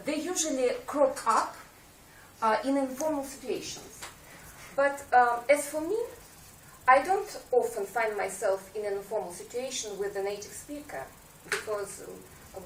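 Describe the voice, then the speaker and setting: A fairly high-voiced woman gives a prepared speech to a speaking club. She pauses often on fillers and slips in dry, self-mocking jokes. She is picked up from a distance in an echoey meeting room with faint background ambience. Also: slight background noise. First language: Russian. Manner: hesitant, many fillers, wry self-mocking humor.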